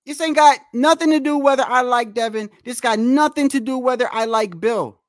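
A man hosting a boxing livestream and ranting in a heated, animated way, repeating himself, swearing often and trash-talking the chat. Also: very high voice, normal speed, few pauses, dry recording, studio quality. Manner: animated, repetitive, trash-talking with frequent profanity.

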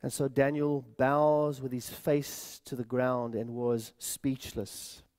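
A man's voice: medium pitch, little pitch movement, slow, a little mellow. A man preaching a sermon in a church, earnest, repeating words and addressing the congregation as friends. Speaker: pastor.

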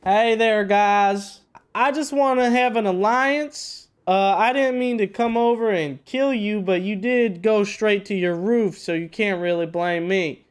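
A man's voice: animated, a little fast, few pauses, dark tone, close to an everyday voice. A man voicing a friendly, drawling southern guy over in-game voice chat, folksy and placating. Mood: pleading. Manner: folksy, placating, slightly raised pitch. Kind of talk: in-game voice chat role-play.

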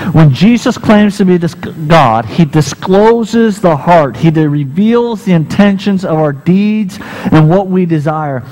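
A man preaches, moving from scripture into a campfire-style story whose characters he acts out in turn. His voice is fairly high for a man and swings a long way up and down, and a faint mains hum runs under the recording. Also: mellow, poor audio. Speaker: pastor. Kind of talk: sermon with storytelling.

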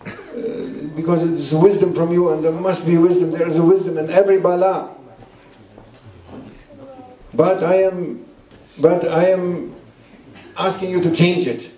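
High-voiced sheikh preaching in an echoey room. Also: male voice, fairly even intonation, mellow. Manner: repeats short emphatic phrases, halting non-native English. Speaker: Sufi sheikh teaching a gathering. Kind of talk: sermon. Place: indoor gathering room at a guesthouse. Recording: roomy echo, distant mic.

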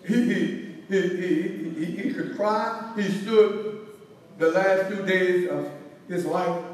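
A man's voice: high-pitched, slow, a little hiss or hum. Pastor, male, preacherly repeating cadence; long hall reverb, distant mic. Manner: preacherly, repetitive cadence, rising and falling. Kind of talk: Bible study teaching. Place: church hall. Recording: echoey hall, from far off.

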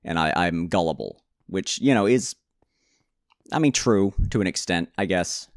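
A male gamer chatting through his play session, rambling and poking fun at himself as he goes. His fairly low voice leaps around a lot, and the sound is close and dry with no room around it. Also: expressive, a little slow, no room sound. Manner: rambling, self-mocking, talks to himself; stammering restarts, jokey asides. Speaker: gaming channel host. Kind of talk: casual gameplay commentary.

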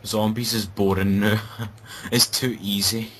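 A man's voice: fairly low pitch, level tone, slow pace, fairly bright tone, a little hiss or hum, low-quality recording. A Scottish man chatting casually and sarcastically while playing a game. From Scotland. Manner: joking, sarcastic banter. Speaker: gaming commentator. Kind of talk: casual gameplay chat.

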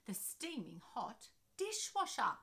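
A woman playing a brisk, teasing mum. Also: fairly high pitch, wildly swooping pitch, sharp tone, full character voice. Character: brisk, playful mother.

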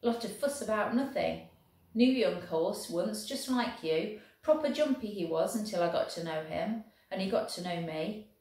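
A woman voicing a gentle, devoted young male soldier who talks soothingly to a horse. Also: mid-range voice, expressive, moderate pace, natural voice. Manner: soft, soothing talk to a horse. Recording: very echoey room.

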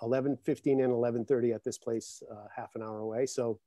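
A man's voice: mid-range voice, fast talker, no room sound, clean studio sound. A man, a guest drummer, telling stories with lots of laughter in a casual chat over a video call. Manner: animated storyteller, laughs often. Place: home, in Connecticut.

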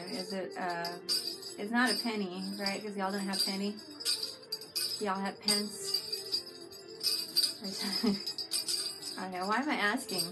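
Woman, casual live-stream host, laughs a lot, mid-pitched, music bed behind. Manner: chatty, giggly, talks to viewers in chat.

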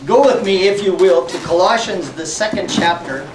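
A man's voice: sits high, moderate pace, background noise. A man preaching a sermon as pastor, folksy and joking, often laughing. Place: church sanctuary. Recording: echoey church sanctuary, mic from far off.

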